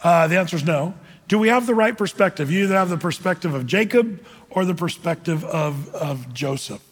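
A man's voice: sits high, lively intonation, brisk, husky. A male pastor preaching in a conversational way, putting questions to the audience between fillers. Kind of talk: sermon. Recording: long hall reverb.

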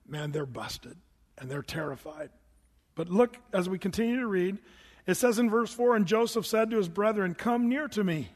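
A man preaching a sermon as pastor, animated and acting out voices with big pitch jumps. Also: in a large hall.

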